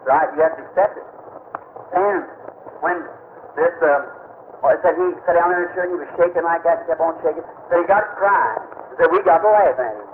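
A man's voice: a little high, a little fast. A man preaching, retelling conversations in a folksy, emphatic way. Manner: earnest, emphatic preaching cadence. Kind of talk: sermon storytelling. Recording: tinny lo-fi old recording with noise.

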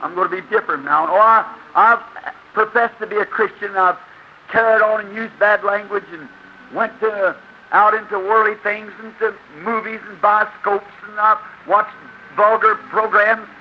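An earnest, pleading businessman confessing his wrongs, as a preacher puts him on, pitched somewhat high. The old recording is dull and lo-fi with a faint hiss behind the voice. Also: fairly even intonation, moderate pace, close to an everyday voice. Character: repentant middle-aged businessman confessing his sins.

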